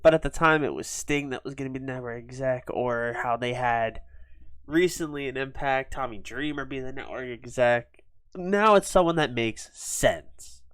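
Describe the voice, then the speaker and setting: A man talks through a wrestling sim game in quick, offhand casual commentary, full of fillers. His voice sits in the middle of the range and sounds dry and close. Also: mid-range voice, a bit bright, clear, resonant tone, dry recording. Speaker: gaming video host.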